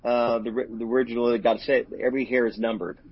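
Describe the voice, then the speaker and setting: A man's voice: medium pitch, level tone, fast, breathy edge, dry recording. A middle-aged man, a pastor, telling a personal story in an interview in an earnest, emotional, open way. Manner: earnest and emotional, speaks openly about hurt. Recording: dull lo-fi audio.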